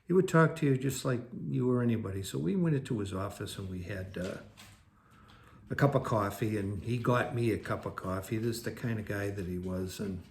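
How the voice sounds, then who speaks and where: A man's voice: fairly low pitch, fairly quick, vocal fry. Man telling a rambling personal story. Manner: rambling, conversational, with restarts and self-corrections. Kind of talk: personal recovery story told to camera.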